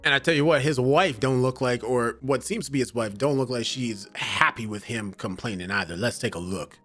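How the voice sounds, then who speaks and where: A man's voice: medium pitch, normal speed, faint music behind. A man hosting a video, reading news and reacting with casual, laughing commentary. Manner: animated, laughing, casual slang. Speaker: host.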